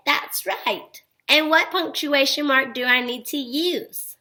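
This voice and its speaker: A woman teacher giving a recorded phonics lesson to young children, speaking slowly and clearly and praising them often. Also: sits high, pushed and bright, rough recording.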